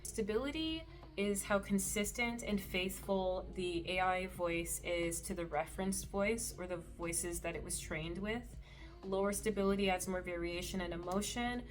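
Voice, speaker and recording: A woman hosting a screen-recorded tutorial, explaining settings in a relaxed, explanatory way with the odd soft laugh. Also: mid-range voice, moderate pace. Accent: Canadian. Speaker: meditation creator and tutorial host.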